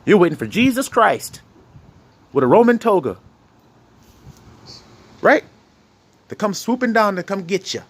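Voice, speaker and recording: A man preaching an informal sermon in an animated, conversational way, often asking his listeners rhetorical questions. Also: high voice, measured pace, pauses often, husky.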